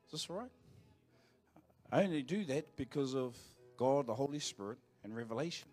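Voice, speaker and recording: A man's voice: mid-range voice, expressive, moderate pace, darkish tone, faint music behind. A man in his forties with a New Zealand accent preaching a sermon in a conversational, anecdotal way, with asides to the congregation. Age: 40s. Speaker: pastor. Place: church auditorium.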